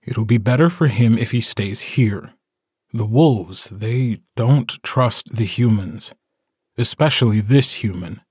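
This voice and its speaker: A man's voice: mid-range voice, takes it slowly, darkish tone, husky, dry recording, clean studio sound. A man voicing a weary, stubborn young man who leads a wolf pack, speaking firmly in an audiobook. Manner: weary, firm. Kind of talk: audiobook character voice.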